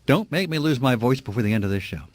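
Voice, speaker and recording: A man's voice: medium pitch, lively intonation, fast talker, no echo. A middle-aged man hosting a call-in radio talk show, talking in a heated, emphatic, indignant way.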